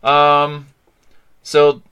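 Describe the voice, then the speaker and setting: A middle-aged man hosting a casual movie chat, excitable and rambling. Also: fairly high pitch, drawn-out words, smooth, dull audio. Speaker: podcast host.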